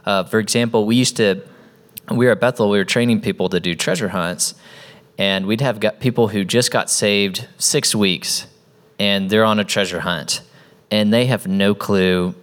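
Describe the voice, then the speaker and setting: A man's voice: lowish voice, fairly even intonation, moderate pace. A man in ministry training telling a story in casual talk, acting out the people he quotes.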